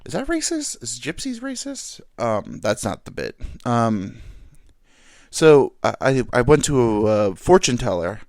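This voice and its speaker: A man's voice: medium pitch, sing-song, unhurried, darkish tone, no room sound, studio quality. A man hosting a solo comedy podcast who rambles loosely between tangents and swears freely. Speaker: podcast host.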